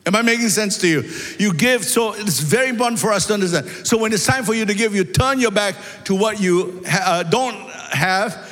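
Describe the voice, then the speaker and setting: A man's voice: high-pitched, a little fast. Preacher man in a reverberant hall. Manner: animated, rhetorical questions, rising emphasis. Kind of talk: sermon.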